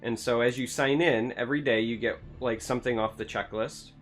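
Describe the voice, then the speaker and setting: A man's voice: medium pitch, fairly even intonation, a little fast, a bit bright, soft background music. A man hosting a casual gaming podcast, enthusiastic and rambling, with lots of "like" and "um". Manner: enthusiastic, rambling, many fillers like "like" and "um". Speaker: podcast host.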